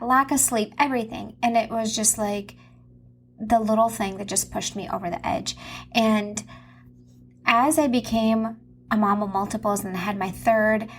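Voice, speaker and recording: A woman's voice: a little high, slight background noise. A woman in her thirties hosting her own podcast from home, speaking in an earnest, confessional way with emphatic repetition. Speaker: podcast host and Christian mom coach. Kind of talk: personal podcast monologue.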